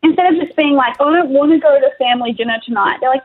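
A woman's voice: sits high, racing, few pauses. A woman guest on a podcast, speaking in an enthusiastic, emphatic way. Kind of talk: casual chat. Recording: tinny phone-like line.

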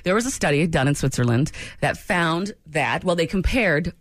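Animated woman radio host. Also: normal speed, dry recording, clean studio sound. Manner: animated, giggly, swings into high squeals. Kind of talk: casual radio banter.

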